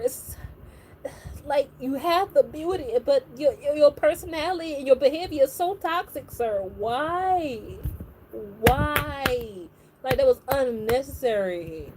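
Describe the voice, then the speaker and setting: A woman's voice: high-pitched, a little mellow, a little hiss or hum, rough recording. A woman hosting a livestream, chatting casually and animatedly with many filler words. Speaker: livestream host. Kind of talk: casual reaction chat.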